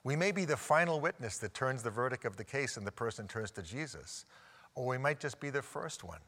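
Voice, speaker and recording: A middle-aged man preaching a sermon, telling stories and slowing down to stress key words. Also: medium pitch, lively intonation, a bit bright. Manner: storytelling, slows down for emphasis. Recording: long hall reverb.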